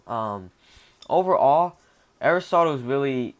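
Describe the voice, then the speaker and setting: A young man talks through a philosophy book review in an unscripted, casual way. He thinks aloud, restarts sentences and keeps checking in with a quick "right?". His voice sits at a middle pitch for a man. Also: animated.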